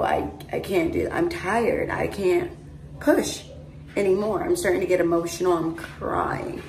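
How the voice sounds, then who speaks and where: Her voice sits on the low side and has a creaky quality as this young vlogger chats into her phone camera. The long personal story wanders, peppered with "like" and "mind you," and the distant phone picks up a roomy echo.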